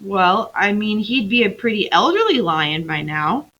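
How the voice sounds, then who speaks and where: A blunt, doubting male dwarf who lays out plain practical reasons, read aloud by a woman. The voice stays close to the reader's own, bright and lively. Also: mid-range voice, unhurried, lo-fi sound.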